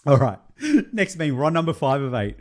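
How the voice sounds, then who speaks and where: Man, young adult, podcast co-host, casual chat, animated, laughs often. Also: a little high, a little fast. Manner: animated, laughs often while telling jokes.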